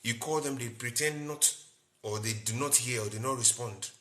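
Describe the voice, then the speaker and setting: A man's voice: mid-range voice, normal speed, pushed and bright. A man, a doctor hosting a live-stream health talk, explaining in short repeated phrases and greeting viewers by name.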